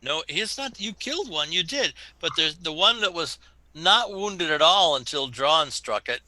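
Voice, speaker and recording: Mestre de jogo, homem, voz clara e aguda, ri muito, conduz a mesa. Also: male voice, fairly high pitch, expressive, normal speed, sharp tone. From Wisconsin. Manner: jokey, laughs often. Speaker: dungeon master. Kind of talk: running a tabletop game.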